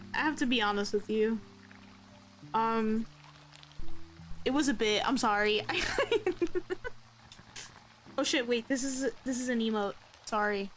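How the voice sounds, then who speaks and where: A young woman with a slightly high voice chats casually while she draws on a livestream. She rambles and pokes fun at herself, leaning on a lot of fillers. Faint music and rain sit in the background. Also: fairly bright tone, poor audio. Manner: rambling and self-deprecating, lots of "like" fillers. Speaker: art streamer. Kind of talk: casual chat while drawing on stream.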